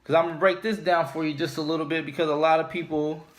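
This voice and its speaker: A man teaching scripture informally, speaking deliberately and repeating his key points for emphasis. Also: on the high side, flat delivery. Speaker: religious teacher.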